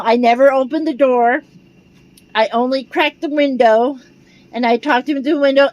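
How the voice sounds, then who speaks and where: An older American woman, a vlogger, telling a rambling, animated story in a casual way. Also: high-pitched, no room sound, low-quality recording. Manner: rambling, animated, retells dialogue.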